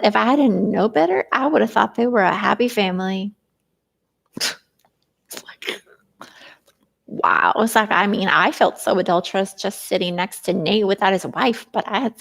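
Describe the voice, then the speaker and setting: A woman's voice: medium pitch, vocal fry. A woman vlogging in a rambling, hesitant way, full of fillers, venting about family troubles. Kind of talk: rambling personal vlog.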